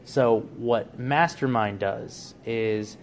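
A man's voice: medium pitch, extremely slow, vocal fry, slight background noise. A man on a podcast, casually laying out a plot idea in a rambling way. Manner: rambling storyteller, frequent restarts and "like". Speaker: podcast co-host.

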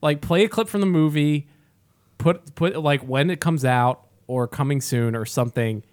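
A man's voice: fairly high pitch, normal speed, darkish tone. A man co-hosting a podcast, chatting casually about movies, often stumbling and repeating words as he rambles. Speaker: podcast co-host.

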